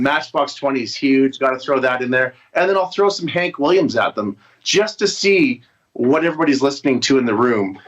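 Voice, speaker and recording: A musician is interviewed over a video call, chatting casually in a mid-range, slightly bright voice. He rambles, restarting often and using fillers, and the lo-fi call audio is dull.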